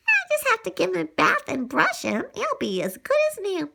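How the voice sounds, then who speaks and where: A woman reading a storybook aloud in an animated, breathless way, narrating in the first person as a dog. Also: extremely high pitch, moderate pace, vocal fry, background noise.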